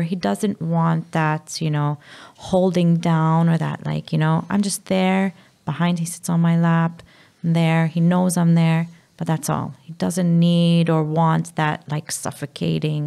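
Gravelly, low Maltese woman. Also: level tone, warm tone. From Malta. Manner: halting, drops to a whisper at times. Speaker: guest, mother. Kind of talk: candid podcast conversation.

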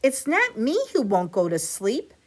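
A high, earnest little boy's voice, eager and insistent, leaping well above the storyteller's own tone as a woman reads him aloud. He presses his point with lively swings in pitch. Storybook reading at an unhurried pace. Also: breathy edge, heavily acted. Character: pleading excited little boy.

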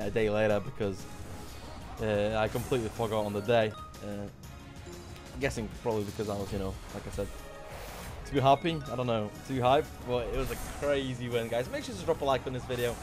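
A young man commentating his slot gambling session, shouting excitedly as wins land. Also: medium pitch, brisk, over music. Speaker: slot streamer.

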